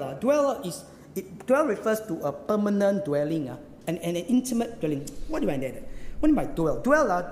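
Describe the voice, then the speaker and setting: A preacher with a Singaporean English accent delivers a teaching sermon, tossing out rhetorical questions and local particles. The voice rises and falls in a lively way. It rings through a large hall with long reverb and faint background ambience. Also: medium pitch, slight background noise.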